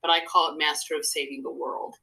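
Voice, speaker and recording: A woman's voice: deep voice, flat delivery, fairly quick, vocal fry, pushed and bright, rough recording. An older woman, a psychotherapist and speaker, chatting earnestly as an interview guest, telling stories at length. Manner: earnest, rambling storyteller. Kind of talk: casual interview conversation.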